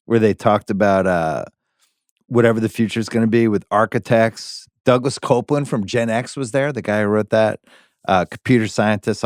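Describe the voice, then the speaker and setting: Dry, low-voiced American man hosting a podcast. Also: dry recording. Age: middle-aged. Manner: relaxed, wry, steers the conversation. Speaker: podcast host. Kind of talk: casual podcast chat.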